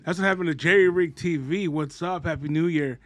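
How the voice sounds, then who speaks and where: A man's voice: on the high side, fairly quick, fairly bright tone, no echo. Laid-back man swapping profane stories. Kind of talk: casual chat.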